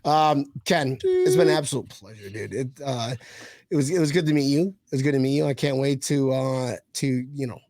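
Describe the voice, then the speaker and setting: A man's voice: mid-range voice, a little mellow, dry recording, studio quality. A man hosting a casual sports fan chat, joking and laughing often. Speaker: podcast host.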